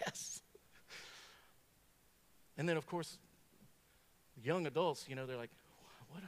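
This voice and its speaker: A man preaching a sermon. He tells stories in a folksy, joking way, swinging between punchy bursts and quiet asides. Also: a little high, slow pace, long pauses. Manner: folksy, humorous, animated storytelling.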